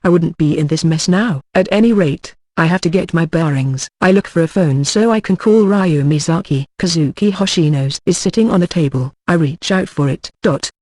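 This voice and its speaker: A man's voice: fairly high pitch, normal speed, few pauses, a little mellow, no room sound. A man narrating an audiobook in the first person, reading a tense, bewildered inner monologue.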